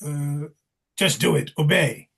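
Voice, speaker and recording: An actor reading the part of a wry, mocking male clown in a play rehearsal. His voice is gravelly and husky, and he teases and directs the king. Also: fairly high pitch, takes it slowly, fairly bright tone, full character voice. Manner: teasing, directive, sardonic.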